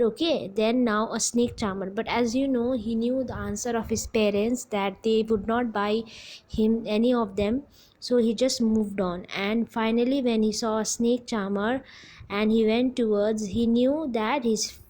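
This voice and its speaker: A young woman teacher with an Indian English accent, retelling a story to her class in a halting way, often stopping to check in with "okay?". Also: on the high side, a little mellow, poor audio.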